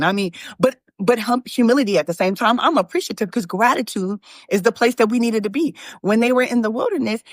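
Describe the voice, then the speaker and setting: A woman with a fairly high voice gives a motivational talk on her own channel, preachy and animated, calling her viewers y'all. She restarts her sentences often. Her voice sounds close and dry, with no room around it. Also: fairly quick, no echo. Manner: frequent restarts and fillers. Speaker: manifestation coach and channel host.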